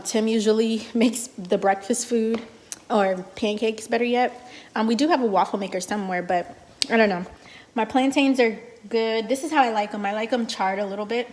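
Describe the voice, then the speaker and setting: A woman's voice: medium pitch, a little hiss or hum. A young woman vlogging casually while she cooks breakfast at home, rambling with lots of fillers. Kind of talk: casual vlog chat. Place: home kitchen.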